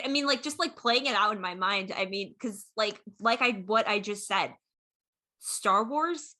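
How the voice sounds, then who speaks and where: Bright, excitable woman co-host. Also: medium pitch. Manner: excited, fast-talking, many fillers. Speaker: podcast co-host. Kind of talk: casual chat.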